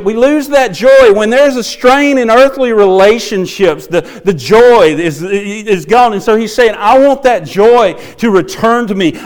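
A male preacher delivers a heartfelt sermon. His voice sits high and comes through smooth and resonant, rising to emphatic passages and dropping to hushed ones. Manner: earnest, swings between emphatic and hushed; sings a few hymn lines.

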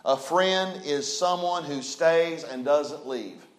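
A pastor preaching a sermon, building to loud emphatic phrases that he draws out slowly. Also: on the high side, reverberant. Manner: preaching with rising intensity, drawn-out emphatic phrases.

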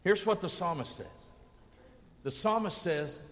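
A man pastor preaching a sermon, swinging from hushed, low lines to loud, booming peaks. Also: expressive, measured pace. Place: church sanctuary. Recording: long hall reverb from a sanctuary.

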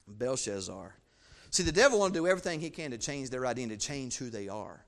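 A man preaching a sermon, fervent and repetitive, swinging from low asides to loud emphatic peaks. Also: lively intonation, quick pace. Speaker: pastor.

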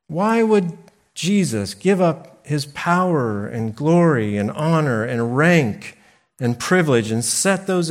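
A man preaching a sermon slowly and deliberately, pausing for emphasis. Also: mid-range voice. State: briefly choked up. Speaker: pastor.

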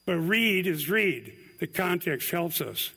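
A man giving a sermon in a relaxed, explanatory way, like a teacher walking a congregation through a tricky point. His voice sits a little higher than most men's. He slows down to lean on key words and drops in light asides. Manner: conversational, explanatory, self-deprecating asides. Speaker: pastor.

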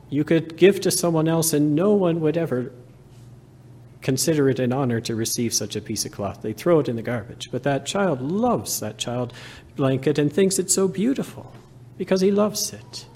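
A man preaching a sermon in a slow, earnest manner, building to fervent emphasis. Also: on the high side, animated, mellow.

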